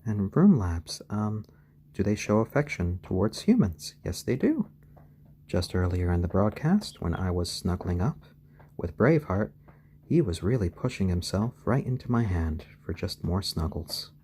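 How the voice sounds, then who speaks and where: A man hosting a live stream, talking softly to his baby chicks in a low-key, soothing way and answering viewers' questions. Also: very animated, normal speed, slightly rough. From born in Japan to British parents.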